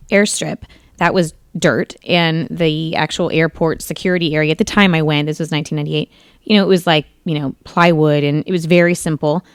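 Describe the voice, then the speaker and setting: A woman radio host in her thirties tells a long personal story in a chatty, meandering way, often correcting herself. Her voice sits low and sounds smooth and clear, recorded dry and close. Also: no echo. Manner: chatty, rambling, with self-corrections and laughs. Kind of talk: casual storytelling on talk radio.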